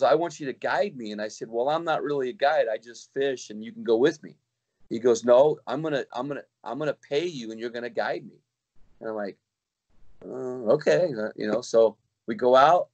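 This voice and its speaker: A man's voice: medium pitch, a little mellow, muffled recording. A middle-aged man, a kayak fishing guide, telling a long story in casual chat with many restarts and acted-out quotes.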